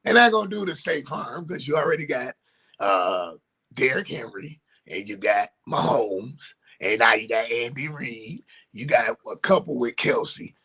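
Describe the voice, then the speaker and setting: A man's voice: medium pitch, animated, a little slow, sharp tone, husky. A man co-hosting a sports talk show, arguing his points bluntly and emphatically in casual chat.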